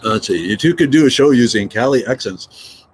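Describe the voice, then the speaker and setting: A middle-aged man hosts a casual morning livestream, joking and reading viewer notes aloud. His voice swings widely in pitch as he rambles along. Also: expressive, moderate pace, a little hiss or hum. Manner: chatty, joking, reads out viewer comments. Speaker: livestream host.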